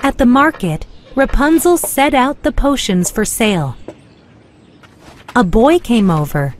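Woman, children's story narrator, slow, clear, bright lilting voice. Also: a little high, expressive, faint music behind.

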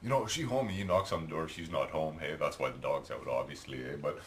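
A man's voice: a bass voice, a little fast, a little hiss or hum. A middle-aged Canadian man with a Canadian accent, telling a rambling, chatty story while painting at home, tagging his lines with "eh". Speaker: hobby painter and video maker.

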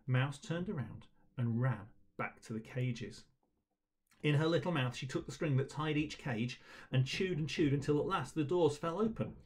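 A man's voice: fairly high pitch, normal speed, darkish tone. A man leading a school assembly, reading a children's story aloud and encouraging the children afterwards.

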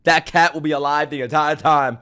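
A young man reacting to an anime in casual, profane, jokey commentary, loud and excitable. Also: fairly high pitch, fairly quick, clean tone.

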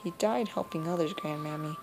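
A woman's voice: low-pitched, brisk, gravelly, music in the background. A woman voicing the hero of a video game, reading dialogue lines plainly. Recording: noisy home recording.

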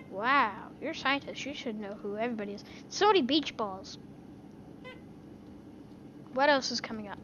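A woman giving casual gameplay commentary on a headset, excitable and given to sudden shouts. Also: on the high side, moderate pace, lo-fi sound, a little hiss or hum. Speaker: gaming video creator. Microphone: gaming headset.

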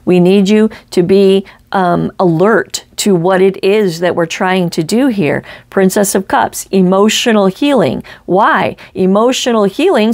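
A woman reads tarot cards in a spoken monologue. She talks with emphatic, blunt energy and keeps checking in with the listener. She drops the odd casual curse, and her voice sits at a middle pitch for a woman. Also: a little mellow. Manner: emphatic, frequent "right?" and "okay?" check-ins. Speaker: psychic tarot reader.

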